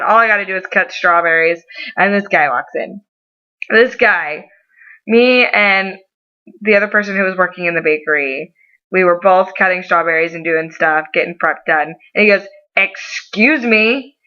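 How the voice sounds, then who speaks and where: A young adult woman telling a story in a casual vlog, animated and given to over-the-top dramatizing. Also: fairly low pitch, moderate pace. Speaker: vlogger. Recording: slightly muffled lo-fi audio.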